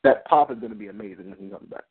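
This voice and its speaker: Here a wrestling podcast co-host speaks in a lowish, slightly rough voice at a rapid-fire clip. He rants animatedly and swears during the casual chat, and the sound is dry and tinny, like a phone.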